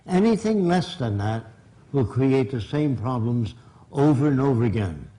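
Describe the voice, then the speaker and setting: A man's voice: mid-range voice, big pitch swings, moderate pace, mellow, low-quality recording. An older man from Brooklyn, giving a blunt, emphatic public lecture. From Brooklyn, New York.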